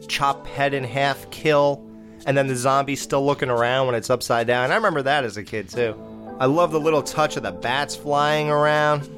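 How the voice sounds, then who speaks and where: A man talks through a movie in a casual, rambling way, blunt and full of opinions. His voice sits at an ordinary middle pitch. Faint music plays quietly behind him. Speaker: podcast host.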